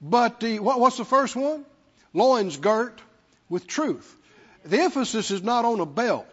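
Man, pastor, sermon, unusually high voice, slow deliberate delivery, call-and-response, long hall reverb, muffled lo-fi recording. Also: very animated, breathy edge. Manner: emphatic, repetitive call-and-response with the congregation.

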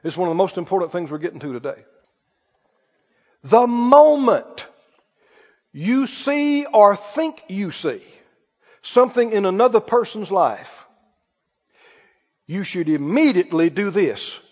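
A man's voice: sits high, very animated, a little slow, pauses often, a little mellow. A man preaching a sermon to a live congregation in a church, emphatic, repeating key phrases and asking the listeners whether they hear him. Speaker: pastor. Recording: echoey hall, dull lo-fi sound.

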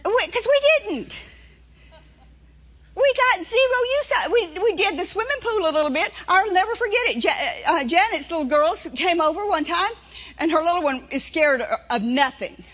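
A woman preaches in a very high, bright voice. She tells homespun stories and acts out inner voices as she makes her points. The recording is dull and lo-fi. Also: expressive, moderate pace. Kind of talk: sermon.

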